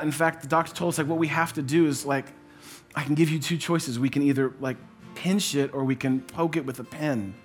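A man's voice: fairly high pitch, brisk, a bit bright, soft background music. Man preaching a story-driven sermon. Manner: conversational storytelling with repetition. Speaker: pastor.

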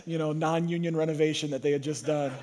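A man's voice: on the high side, fairly even intonation, fast, darkish tone, a little hiss or hum. A man preaching a sermon to a congregation, who tells the story with energy and acts out the voices. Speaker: pastor.

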